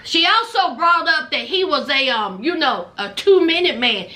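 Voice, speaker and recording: A woman's voice: high voice, lively intonation, measured pace, pushed and bright. A woman giving a sassy, chatty, casual commentary recap, often laughing at her own jokes. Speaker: reality show recapper.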